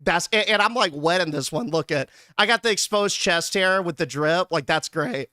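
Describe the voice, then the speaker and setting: A young man chatting casually on his stream, excitable and giggly with laid-back slang. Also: high voice, moderate pace, a little hiss or hum.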